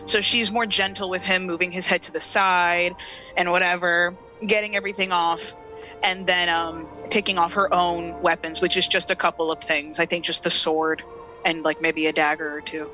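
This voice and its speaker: A woman's voice: on the low side, bright, forceful tone, rough recording. A woman describing her character's actions in a tabletop role-playing game, chatty and hesitant with many fillers. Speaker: player.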